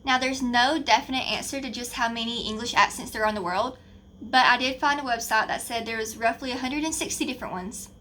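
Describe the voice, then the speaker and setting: Young Southern woman, chatty student presenter, bright and slightly high. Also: a little fast, a little hiss or hum. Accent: Southern American. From American South. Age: young adult. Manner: chatty, informal explaining. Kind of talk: class project narration.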